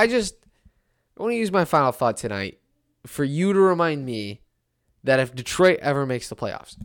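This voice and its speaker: A man in his twenties giving a casual sports rant, animated and exasperated, with frequent restarts. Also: a little high. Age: 20s. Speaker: sports commentator.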